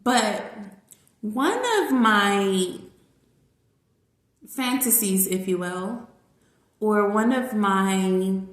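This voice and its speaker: Chatty woman in a roomy echo. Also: medium pitch. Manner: chatty, rambling, filler-heavy, lively. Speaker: teacher. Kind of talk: casual vlog monologue.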